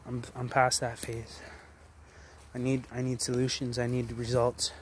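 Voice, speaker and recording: A man in his late twenties delivers an intense, profanity-laced rant at a middle pitch. His talk is blunt and forceful and stumbles over repeated words as he pushes his point. A faint ambient hum sits behind the voice. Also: monotone, a little slow. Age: 20s. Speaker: vlogger.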